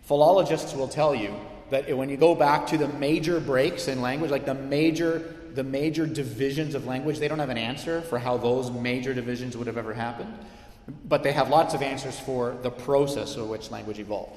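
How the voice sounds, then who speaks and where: Animated preacher in an echoey hall. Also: male voice, medium pitch, a little fast. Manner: animated, conversational preaching with asides to listeners. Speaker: pastor. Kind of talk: sermon. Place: church sanctuary.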